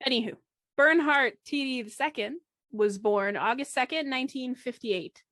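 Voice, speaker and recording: A woman's voice: high-pitched, normal speed, a bit bright, no room sound, clean studio sound. A woman hosting a casual banter podcast, wry and casually swearing. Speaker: podcast host.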